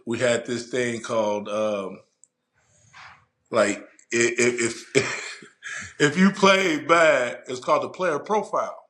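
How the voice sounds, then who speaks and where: A man in his forties, a podcast guest and former player and coach, telling stories in a loud, profane, emphatic way. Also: mid-range voice, slow pace, pauses often. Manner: animated, profane, emphatic storyteller. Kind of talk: casual podcast chat.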